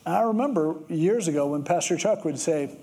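A man preaches in an easygoing, conversational sermon voice that sits a little high for a man. He drifts into stories and explains scripture as if chatting with the congregation. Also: normal speed. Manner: conversational storytelling, with lively acted quotes. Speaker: pastor.

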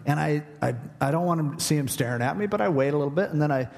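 A man preaching a sermon, conversational and humorous, animated as he tells a story. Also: fairly high pitch, very fast, creaky, long reverb tail. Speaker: pastor.

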